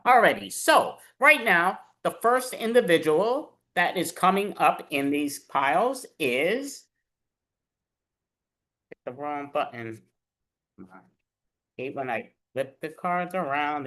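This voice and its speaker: A woman host talks her way through setting up an improv bit, rambling and poking fun at herself as she fumbles with cards and hats. Her voice sits on the low side for a woman, and the chat is loose and unscripted. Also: fairly bright tone. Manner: rambling, self-deprecating, fumbling with props. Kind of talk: casual chat.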